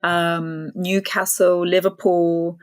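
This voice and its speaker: Chatty English woman, low dry voice. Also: level tone, slow pace, no echo. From English Midlands. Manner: chatty, laughs easily, reflective. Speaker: guest, language consultant. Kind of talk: casual interview chat.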